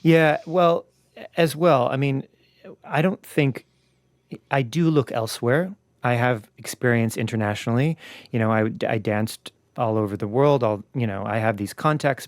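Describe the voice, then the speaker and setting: A man's voice: mid-range voice, no echo. A man with a non-Australian accent being interviewed in a radio studio as a ballet company's artistic director. He speaks reflectively, with frequent ums and you knows.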